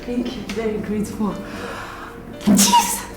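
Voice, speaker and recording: Steady caring friend. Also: female voice, medium pitch, slow, roomy sound. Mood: relieved grateful. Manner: soothing, then firm and encouraging. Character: caring loyal woman friend of the mother. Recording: film audio under loud music.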